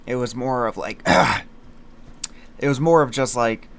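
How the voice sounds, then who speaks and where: A man's voice: mid-range voice, takes it slowly, gravelly, fairly bright tone. A young man in casual livestream chat, rambling with many fillers and slang as he breaks down his own song lines. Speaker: streamer explaining his song.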